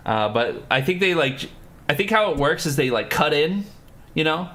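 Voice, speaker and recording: A man's voice: on the high side, animated, moderate pace, bright, forceful tone, slight background noise. A man live-streaming a game, chatting with viewers, greeting them by name and thinking through puzzles aloud.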